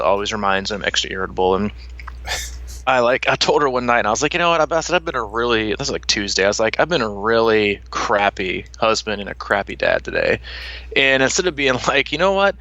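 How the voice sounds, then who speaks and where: A man's voice: fairly low pitch, quick pace, sharp tone, dry recording, dull audio. A man in his thirties hosting a podcast, chatting casually with lots of fillers and laughter. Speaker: podcast host. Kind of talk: casual chat.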